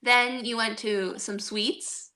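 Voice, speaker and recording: A woman's voice: fairly high pitch, steady tone, takes it slowly, bright, forceful tone. A woman co-hosting a podcast, recapping a tabletop game session in rambling casual chat with lots of fillers and laughs. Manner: rambling, many fillers and restarts, laughing often. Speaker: podcast co-host and game master.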